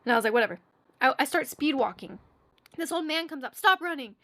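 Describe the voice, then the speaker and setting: Woman, young adult, podcast host, casual monologue, animated, fairly high voice. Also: fast. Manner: chatty and animated, acts out quotes in a squeaky voice.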